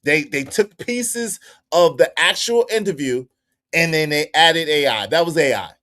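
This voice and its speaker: A man hosting a casual livestream, talking to his chat in an animated, repetitive way. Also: fairly high pitch, unhurried. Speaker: livestream host.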